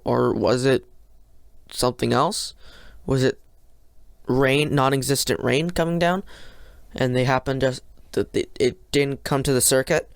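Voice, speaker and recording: A solo podcast host reviews a race in a loose, excitable ramble that keeps tipping into rants. The voice is smooth and clean, and it sits at an ordinary middle pitch. The sound is close and dry, with no room around it. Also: no room sound. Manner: frequent fillers and restarts.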